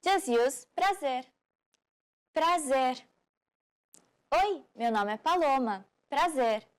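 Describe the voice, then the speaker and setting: A woman presents a scripted beginner language lesson. Her voice sits high, and she speaks clearly and deliberately, slowing down for the example phrases. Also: lively intonation. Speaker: language teacher.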